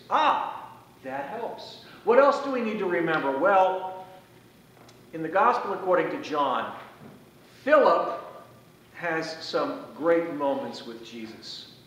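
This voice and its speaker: A man priest giving a conversational, folksy sermon, slowing down to stress key phrases, in a church sanctuary. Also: high-pitched, a bit bright. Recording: echoey church from far off.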